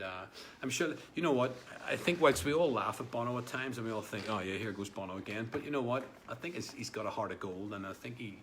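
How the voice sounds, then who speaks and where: A male livestream host with a fairly low, fairly bright voice reads out viewer comments on a casual stream. He rambles, using many fillers and repeated words, with slight background noise.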